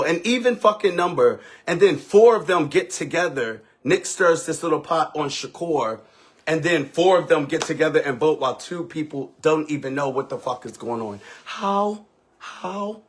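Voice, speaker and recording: Animated husky-voiced man telling a story. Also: fairly high pitch, normal speed. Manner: dramatic, profane, swings between loud outbursts and hushed asides. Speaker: livestream host telling a story.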